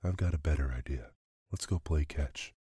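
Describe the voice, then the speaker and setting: A bossy, teasing teenage brother from a storybook, as a man reads him. The voice sits very low and dark, with a husky grain and no room sound around it. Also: normal speed, no room sound, full character voice. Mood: coaxing. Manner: teasing, sulky.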